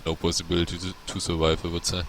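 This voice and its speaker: German man, deep voice, casual analytical game caster. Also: monotone, fast, background noise. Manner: analytical, plain-spoken play calls. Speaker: game commentator.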